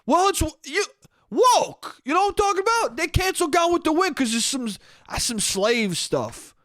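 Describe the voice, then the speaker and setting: A young man putting on his loud older uncle, who shouts the same word over and over and never explains. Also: high voice, big pitch swings, normal speed, dry recording, clean studio sound. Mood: shouting insistently. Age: young adult. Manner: shouting, insistent, won't explain.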